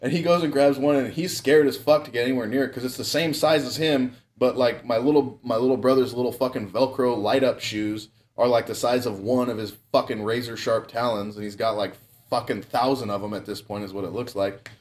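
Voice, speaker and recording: A man's voice: medium pitch, steady tone, brisk, a little mellow. A young man telling a long story in a casual, rambling way, swearing constantly and breaking into laughs. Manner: profane, rambling, laughs often.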